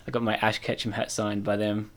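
A man with a fairly low voice chats casually on a podcast. He rambles in a relaxed way and fills his sentences with ums and likes. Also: brisk, crowd noise. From Australia. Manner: relaxed, rambling, many fillers. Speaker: podcast co-host. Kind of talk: casual chat.

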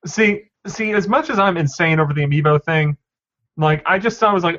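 A man with a fairly high voice rants through a casual gaming chat, slipping into mock quotes to make his point. The audio is dull and lo-fi. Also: a little fast, fairly bright tone. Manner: ranting, acts out mock quotes. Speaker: podcast co-host.

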